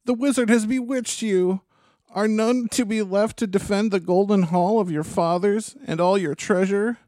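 A sniveling courtier begs and whines in a thin, raised voice, as a man puts him on in a dry close recording. He wheedles and pleads without pause, with a soft dark tone under the whine. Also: high-pitched, steady tone, dry recording, voice pushed up, lightly acted. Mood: pleading. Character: whining groveling male royal counselor.

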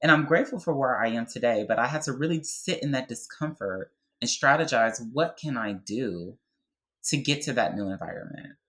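A woman's voice: rumbling low, lively intonation, normal speed, poor audio. A young adult woman speaking with passion and conviction as a podcast guest, often checking in with "right?". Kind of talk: heartfelt podcast conversation.

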